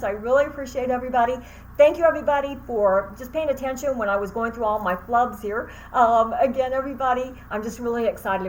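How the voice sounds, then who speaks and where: A woman's voice: fairly high pitch, slight background noise, low-quality recording. A woman who teaches Reiki and hosts her own channel, telling a story casually to the camera with lots of fillers and thank-yous.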